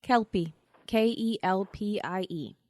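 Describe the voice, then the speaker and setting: A woman's voice: mid-range voice, measured pace, a little mellow, no echo. A woman hosting a podcast, playfully quizzing a guest and spelling out names letter by letter. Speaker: podcast host. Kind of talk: quiz game in casual podcast chat.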